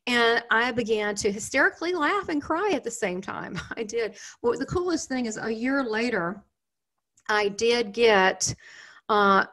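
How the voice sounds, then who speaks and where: A woman's voice: fairly high pitch, expressive, a little slow, a bit bright. A middle-aged woman with a Southern US accent talks straight to her viewers as the host of her own channel. She rambles through a personal story with plenty of fillers, restarts and side comments, keeping a loose, chatty flow.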